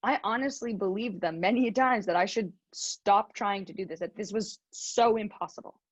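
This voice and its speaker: A young woman giving an earnest, animated motivational talk, telling a story and laughing now and then. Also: medium pitch, moderate pace, no echo, muffled recording. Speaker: motivational speaker.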